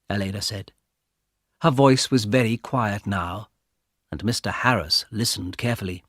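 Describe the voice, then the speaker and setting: A man narrating an audiobook of a graded reader, in a slow, clear storytelling manner. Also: on the low side, fairly bright tone, no room sound, studio quality.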